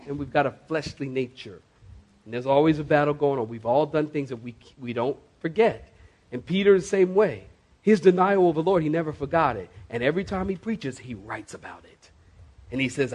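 A male pastor, preaching a sermon to his congregation with emphatic, slowly stressed words. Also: on the high side, animated, a little mellow. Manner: emphatic, dramatic slow stresses, addresses the congregation. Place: church before a congregation.

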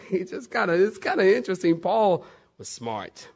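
A male pastor preaching a sermon in a lively, playful way, acting out bits of the story. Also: sits high, fairly quick. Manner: animated, playful, acts out voices.

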